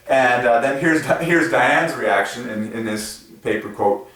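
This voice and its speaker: Speaking at a measured pace, an excitable religious numerology video host rambles through a casual monologue thick with fillers and abrupt pitch jumps. The room is very echoey, and he is far from the microphone.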